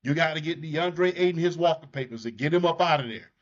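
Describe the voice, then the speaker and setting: A man's voice: a little high, fast talker. A man with a Southern US accent talking sports on a podcast, blunt and jokey. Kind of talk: casual sports talk. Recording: muffled lo-fi audio.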